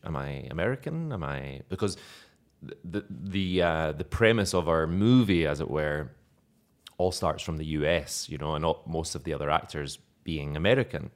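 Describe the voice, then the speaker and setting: A man with a light Scottish accent, an actor telling amused stories as an interview guest. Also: deep voice. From Scotland. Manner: amused storytelling, acts out quoted remarks. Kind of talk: anecdotal interview chat.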